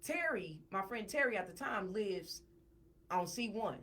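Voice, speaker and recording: A woman guest on a podcast, telling a personal story in a casual, animated way and repeating words when she gets worked up. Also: mid-range voice, measured pace.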